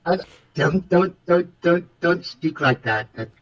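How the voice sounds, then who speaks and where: A man's voice: sits high, expressive, takes it slowly, muffled recording. A man playing a flustered, flamboyant airline pilot who rambles and stammers through repeated words in an improvised comedy bit. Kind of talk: improvised comedy role-play over radio chatter.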